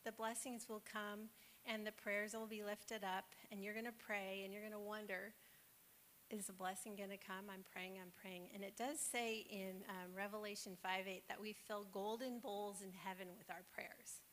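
A woman's voice: mid-range voice, level tone, moderate pace, fairly bright tone. A woman giving an informal, encouraging devotional talk with a conversational manner and plenty of fillers. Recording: faint hiss.

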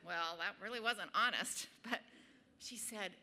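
A woman sharing her faith story and teaching from scripture in a loose, chatty way, full of ums and quick laughs at herself. Her voice is sharp and bright, with a gravelly fry at the ends of phrases. It sounds like a casual talk to a small group. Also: mid-range voice, slight background noise. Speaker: speaker at a Bible study group. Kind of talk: personal faith testimony and Bible teaching.

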